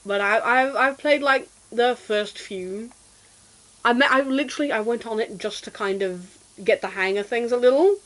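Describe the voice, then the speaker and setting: A woman's voice: a little high, normal speed, a bit bright, rough recording. Giggly chatty british woman streaming. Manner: chatty, self-deprecating, giggly, exclaims at the game. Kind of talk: casual gameplay chat.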